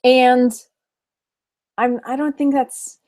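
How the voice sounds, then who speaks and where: Chatty high-voiced woman livestreaming. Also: little pitch movement, takes it slowly, darkish tone. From Texas. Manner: chatty, laughs often, reads viewer comments aloud. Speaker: online reseller and livestream host. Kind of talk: casual livestream chat.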